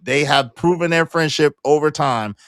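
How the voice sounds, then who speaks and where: A man's voice: on the high side, normal speed, vocal fry, no room sound. A man hosting a casual podcast debate, talking emphatically and repeating points as he argues. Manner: animated, talks over others, emphatic repetition. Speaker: show host.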